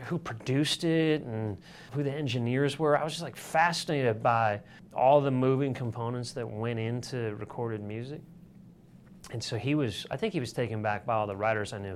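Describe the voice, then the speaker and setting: A man's voice: medium pitch, a little hiss or hum. A man from Michigan telling stories as an interview guest, rambling with fillers and restarts. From Michigan, USA. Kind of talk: casual storytelling.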